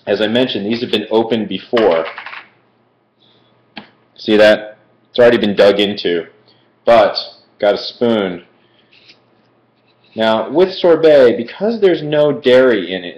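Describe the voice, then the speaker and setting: A man's voice: fairly low pitch, lively intonation, unhurried, long pauses, a little mellow. A man from Philadelphia doing a casual live-stream food review, chatty and rambling, with many fillers and digressions. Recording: echoey room, dull lo-fi stream audio.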